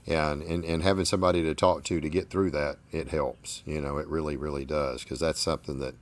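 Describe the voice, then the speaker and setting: A man's voice: rumbling low, fairly even intonation, brisk. A Southern American man hosting a casual interview, talking in a folksy, rambling way and often repeating his words. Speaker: host.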